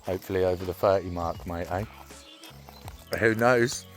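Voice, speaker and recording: A man's voice: sits low, normal speed, faint music behind. A man vlogging his fishing trip in casual chat, calling everyone mate, recorded outdoors by a lake on a phone. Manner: chatty, calls everyone mate. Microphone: handheld phone.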